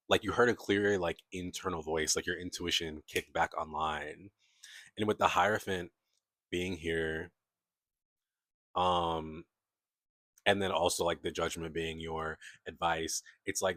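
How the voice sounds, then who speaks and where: Man, very deep voice, dry sound, casual tarot reading, chatty, laughs a lot. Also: fairly bright tone, dry recording. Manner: chatty, laughs often, acts out quoted people. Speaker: tarot reader.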